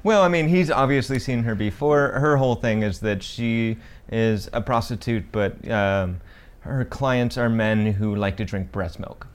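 A man's voice: mid-range voice, measured pace, slight background noise. A young man co-hosting a podcast, recapping a film in casual chat, rambling and joking with lots of fillers and restarts. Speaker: podcast co-host.

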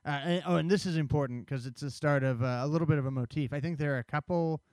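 A man with a smooth, resonant voice walks through a movie's story in relaxed podcast chat. The sound is close and dry, with no room around it. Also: a little high, fast, no echo. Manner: conversational, explains plot at length. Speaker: podcast co-host summarizing a film. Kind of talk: casual film discussion.

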